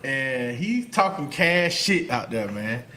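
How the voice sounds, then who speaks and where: A man's voice: medium pitch, sing-song, takes it slowly, pushed and bright, a little hiss or hum. A man hosting a casual podcast interview, asking loose, rambling questions with fillers. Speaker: podcast host.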